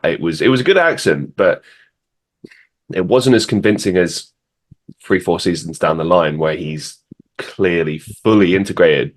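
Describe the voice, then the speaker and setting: A man with a very low, deep voice hosts a podcast in an easygoing chat. He talks thoughtfully, rambling and circling back with restarts as he works through his points. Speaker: podcast host. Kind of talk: casual interview chat.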